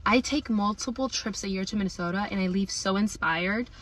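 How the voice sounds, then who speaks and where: A woman's voice: mid-range voice, brisk, fairly bright tone. A Somali American woman talking chattily in a casual opinion video, upbeat and using "like" a lot. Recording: voice a bit far from the mic.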